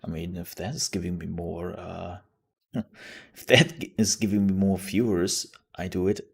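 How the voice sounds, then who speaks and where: A man's voice: low voice, level tone, moderate pace, vocal fry, husky. A man streaming live, chatting casually and joking often.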